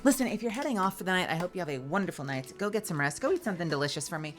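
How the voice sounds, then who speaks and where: Low-voiced, lively sleepy woman streamer. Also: racing, faint music behind. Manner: playful and animated, greets viewers. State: sleepy, yawning. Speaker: streamer and voice actor. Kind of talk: casual live-stream chat.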